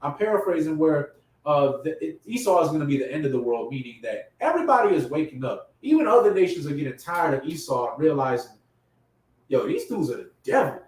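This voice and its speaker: A man preaches in an impassioned, casual style with a fairly high, very lively pitch. His voice rings in an echoey room. He sounds set back from the mic. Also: quick pace, recorded from a distance. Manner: impassioned, rising to loud emphatic peaks; casual street slang. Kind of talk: sermon.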